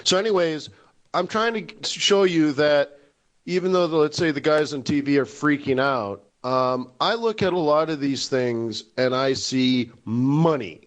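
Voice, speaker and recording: A man in his forties hosts a live forex trading webinar in a fairly high voice, taking his time. He cracks jokes and laughs at them himself.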